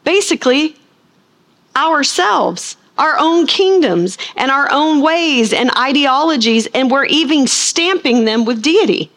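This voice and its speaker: A female Bible teacher preaches a sermon, posing questions to her listeners and answering them herself while slowing down to stress key words. Her voice sits high and is animated and a bit bright.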